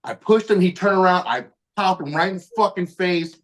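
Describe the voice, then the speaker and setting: Speaking a little fast in a high voice, a man tells a casual story on his podcast through a podcast mic. His telling is full of profanity, and he performs the quoted lines as he goes.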